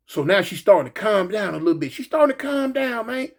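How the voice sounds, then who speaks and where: A man telling a personal story in a casual, animated way, repeating himself and peppering it with "man" and "you know". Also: sits high, fast, few pauses. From Los Angeles.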